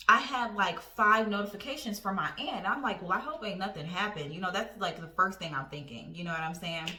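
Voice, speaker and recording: A woman in her twenties telling a personal story in a casual vlog, animated and profane. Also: medium pitch. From Indiana. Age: 20s. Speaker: storytime vlogger. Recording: roomy echo.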